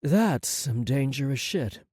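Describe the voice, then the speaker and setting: A man's voice: mid-range voice, expressive, slow, a little mellow, slightly rough, no echo, clean studio sound. A male audiobook narrator voicing a brash young woman who talks bluntly and emphatically.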